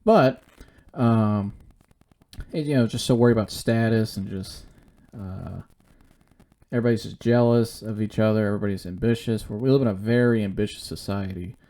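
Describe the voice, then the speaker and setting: A man's voice: on the low side, normal speed, mellow. A man hosting his own show, talking alone in a casual, rambling and blunt way that circles back on itself. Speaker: podcast host. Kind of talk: casual solo monologue.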